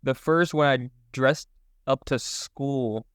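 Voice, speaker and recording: Smooth-voiced young comedian, animated. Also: male voice, mid-range voice, slow pace, dry recording, studio quality. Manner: animated, laughs often, rambling storytelling. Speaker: comedian guest. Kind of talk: casual podcast chat.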